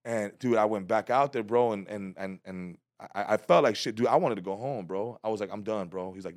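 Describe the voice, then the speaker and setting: A man's voice: lowish voice, fairly quick, few pauses, dry recording, studio quality. A man in his thirties, a stand-up comedian, telling a story in casual, profane chat and acting out other people's voices.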